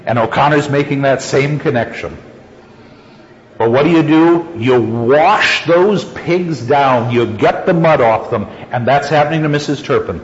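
A man lecturing, reading a story aloud with slow, expressive delivery and stopping to comment on it. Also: on the high side. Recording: lo-fi echoey hall.

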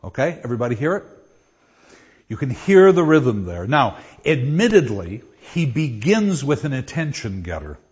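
A man teaching a class, explaining verse and reading lines aloud with pauses. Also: mid-range voice, very animated, darkish tone, husky. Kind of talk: classroom lecture. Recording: dull lo-fi classroom recording.

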